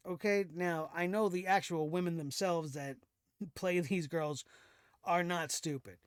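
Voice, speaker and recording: A man with a fairly high, smooth, resonant voice rants through a casual show recap, sarcastic and exasperated, chuckling now and then. The sound is dry and close, with no room around it. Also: measured pace, dry recording. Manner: sarcastic, exasperated ranting with laughs. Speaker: wrestling show host.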